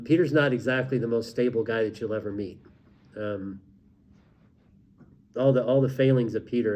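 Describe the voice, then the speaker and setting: A man's voice: mid-range voice, darkish tone. A man co-hosting a casual faith discussion, talking in loose rambling sentences with frequent restarts. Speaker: co-host.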